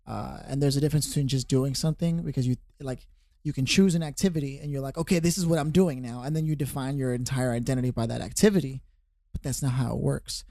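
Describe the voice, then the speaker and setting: A man's voice: medium pitch, steady tone, fast talker, gravelly, mellow, dry recording, studio quality. A man co-hosting a podcast, musing and philosophizing in a loose, filler-heavy way. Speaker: podcast co-host. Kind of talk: casual podcast chat.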